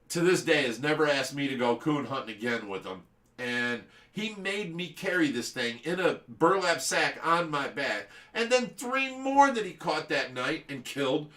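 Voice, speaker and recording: Animated, laughing middle-aged man storyteller. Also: fairly high pitch, distant mic. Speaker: fish rescue livestream host. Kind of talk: livestream storytelling. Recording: echoey room, away from mic.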